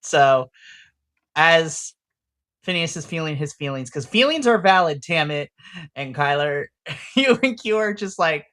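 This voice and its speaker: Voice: medium pitch, lively intonation, unhurried, long pauses, a bit bright. A game master of a tabletop role-play podcast, chatting and narrating in a rambling, playful way, often laughing.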